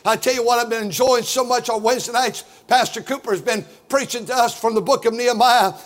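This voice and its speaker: Man, pastor, very high voice, loud, boisterous, fiery sermon, shouting. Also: steady tone, fast.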